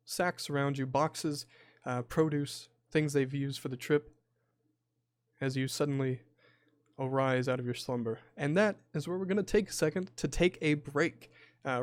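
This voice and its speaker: A man's voice: a little high, dry recording, studio quality. A man narrating a tabletop horror game as game master, with many hesitant fillers.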